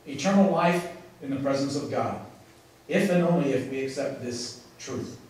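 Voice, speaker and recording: A man's voice: mid-range voice, darkish tone. Preaching man, echoey and distant. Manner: emphatic preaching with dramatic pauses. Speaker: pastor. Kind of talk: sermon. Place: church sanctuary. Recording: echoey, from far off in a large room.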